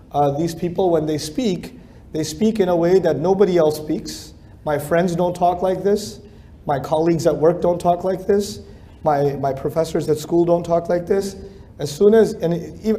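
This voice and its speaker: A man's voice: fairly high pitch, warm tone. A middle-aged man giving a conversational lecture, repeating phrases for emphasis. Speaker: speaker giving a talk.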